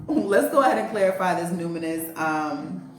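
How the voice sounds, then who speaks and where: Faint music sits behind the roomy echo as an astrology and tarot reader offers a casual spiritual reading. Her lowish voice has lively intonation at a moderate pace, and she's chatty and sincere, using lots of fillers and slang.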